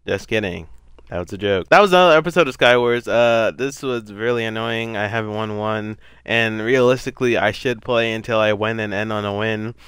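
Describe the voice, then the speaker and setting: A man's voice: lowish voice, steady tone, moderate pace, fairly bright tone, clean tone, no echo. A young man giving casual, rambling gameplay commentary, self-deprecating and given to sudden frustrated outbursts. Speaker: gaming YouTuber.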